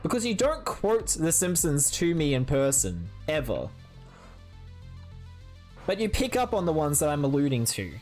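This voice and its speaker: A woman streaming live and chatting with her viewers while she builds, full of playful mock outrage and excitable asides. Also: low-pitched, normal speed, long pauses, soft background music.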